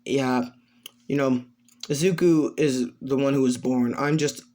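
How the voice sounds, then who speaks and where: A woman's voice: rumbling low, fairly even intonation, measured pace, warm tone. A woman voicing a grumpy, exasperated teen boy who grumbles his lines.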